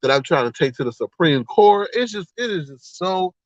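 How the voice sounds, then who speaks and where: Guy rambling on his livestream, voice swoops up and down a lot, kinda high, dull dry mic sound. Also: moderate pace, no echo. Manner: animated, rambling, exclaims and laughs often. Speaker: livestream host. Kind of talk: casual livestream chat.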